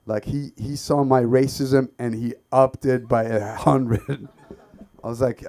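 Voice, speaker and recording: A man from the Middle East performing an open mic stand-up set, with lots of ums and bursts of loud shouting. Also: medium pitch, steady tone, measured pace. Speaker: stand-up comedian. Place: comedy club stage.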